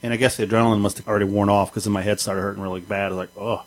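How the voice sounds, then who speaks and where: A man's voice: on the low side, very fast. A man telling a story in casual chat on a podcast, acting out the people in it with a raised voice. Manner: animated, acts out the people in his story with a raised voice.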